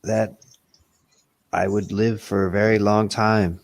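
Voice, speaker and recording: A man's voice: on the low side, level tone, slow. A man who is a player in a tabletop game, speaking in character in a formal, solemn way. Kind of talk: in-character role-play.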